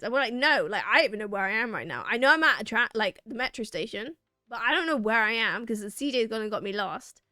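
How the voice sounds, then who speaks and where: A young woman streamer tells her chat a rambling story with restarts, animatedly acting out what people said. Her voice is a little high and fast, recorded at studio quality with no room sound.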